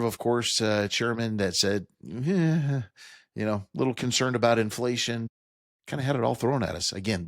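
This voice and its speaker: A man hosting financial talk radio, speaking in a somewhat low voice into a studio microphone. He leans on key figures with emphasis and explains them plainly for his listeners. The sound is close and dry. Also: no echo. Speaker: radio talk show host.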